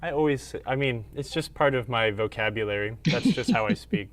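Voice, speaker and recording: A man fiddling with stubborn connector pins while he chats, his voice sitting in a mid-range pitch. He grumbles and makes dry jokes about himself as he works. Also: fairly quick, a bit bright. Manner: grumbling, self-deprecating about the repair. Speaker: pinball repair technician on a live stream. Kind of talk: casual live-stream chat while working.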